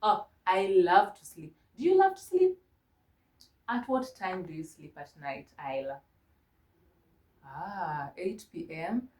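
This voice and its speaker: A woman from Kenya teaching a mock English lesson to a young child, gentle and encouraging, spelling words out slowly. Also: on the low side, sing-song, echoey room. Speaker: online ESL teacher.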